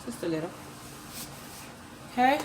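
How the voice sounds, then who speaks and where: A woman's voice: a little high, animated, a little slow, background noise. Chatty woman doing a kitchen demo. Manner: chatty, addresses viewers as "you guys"; repeats ingredient names as she adds them. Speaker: cooking vlogger. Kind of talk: casual cooking demo to camera. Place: home kitchen.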